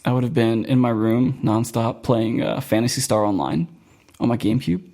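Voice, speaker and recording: A man's voice: mid-range voice, steady tone, normal speed, mellow. A young man from Florida hosting a podcast in casual chat, rambling and laughing often. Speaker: podcast host.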